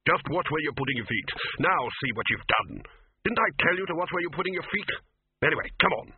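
A man's voice: a little high, animated, brisk, narrow, tinny audio, background noise, voice pushed up, close to an everyday voice. A man voicing an impatient wizard scholar who gives curt, bossy orders. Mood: scolding.

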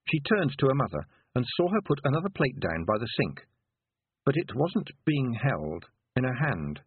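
A husky, breathy male narrator reads a story with a lively, rising and falling voice and well-placed dramatic pauses. He sounds dry and close. The sound is squeezed thin, like a phone line. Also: medium pitch, no room sound. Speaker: audiobook narrator. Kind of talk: scripted narration. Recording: tinny, phone-like narrow sound.

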